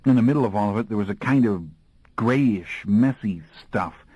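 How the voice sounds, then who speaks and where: A man's voice: lowish voice, normal speed, dry recording, muffled recording. A man reading an audiobook in a folksy, slangy storytelling voice. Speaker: audiobook narrator. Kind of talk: scripted audiobook narration.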